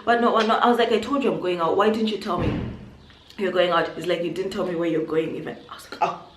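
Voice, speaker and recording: A young woman from Zimbabwe telling a personal story on her vlog, animated and acting out what people said. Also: fairly low pitch, fast talker. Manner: animated storytelling, acts out quotes. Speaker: YouTuber. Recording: echoey room, faint noise.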